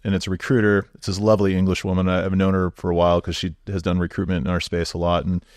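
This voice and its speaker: A man in his forties speaks in a very low voice, recorded dry and close. He tells his story loosely and easily, with many fillers and restarts, like a podcast guest chatting with a friend. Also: quick pace, no echo. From Southern California. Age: 40s. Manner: relaxed storytelling, lots of fillers. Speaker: guest, nonprofit executive director. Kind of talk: podcast conversation.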